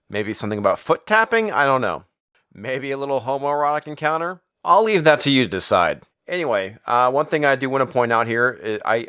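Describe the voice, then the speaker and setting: A man's voice: medium pitch, a bit bright, clear, resonant tone. A man recapping a comic book in a casual, crude, sarcastic way. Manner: profane, sarcastic, jumps into character voices.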